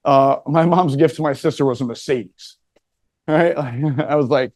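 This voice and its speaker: A middle-aged man talks in a relaxed, joking way, tossing in "right?" and "like" as he rambles through anecdotes. His voice sits a little on the high side, and the sound is close and dry with no room around it. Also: moderate pace, no echo. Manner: loose and joking, peppered with "right?" and "like". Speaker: speaker telling his life story. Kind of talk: casual storytelling talk.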